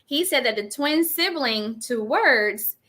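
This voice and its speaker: Give me a lively, bright-voiced woman podcast co-host. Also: high voice, takes it slowly. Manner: animated, acts out quoted voices. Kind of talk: casual book discussion chat.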